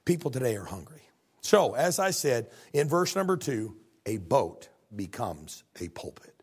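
A man preaching a sermon as a pastor, folksy and animated, with joking asides. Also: mid-range voice, measured pace, slightly rough.

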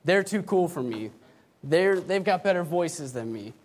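A man's voice: high-pitched, lively intonation, unhurried. A young man giving a sermon in a church, telling stories and laughing often between phrases. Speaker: youth speaker. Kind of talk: sermon with storytelling.

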